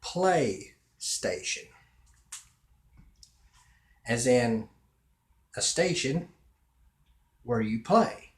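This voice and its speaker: A man's voice: lowish voice, roomy sound. A man rambling to camera in a casual solo vlog, drawing out words and chuckling as he muses. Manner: slow, drawn-out words with chuckles. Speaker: vlogger.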